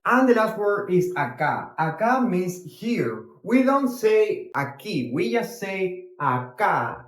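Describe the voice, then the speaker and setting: Young Argentine man, Spanish tutor, higher voice, recorded in a roomy, echoey space. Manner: explains slowly, repeating words, switching between English and Spanish. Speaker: Spanish teacher. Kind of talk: casual language lesson.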